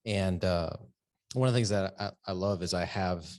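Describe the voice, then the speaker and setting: Deep-voiced man chatting loosely. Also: moderate pace, no room sound, studio quality. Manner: filler-heavy, relaxed, "you know what I mean". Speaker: podcast host, business owner. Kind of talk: casual chat.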